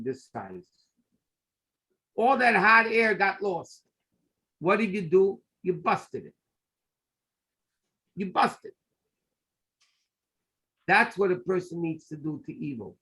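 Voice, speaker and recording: Animated, high-voiced rabbi teaching. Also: male voice, a little slow, long pauses, poor audio. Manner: animated, emphatic, mixes Hebrew terms into English explanations. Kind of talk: Torah class lecture.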